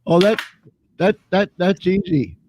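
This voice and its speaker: A man's voice: high voice, darkish tone, a little hiss or hum. A man in his seventies hosting a live chat show, easygoing and a little rambling. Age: 70s. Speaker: host.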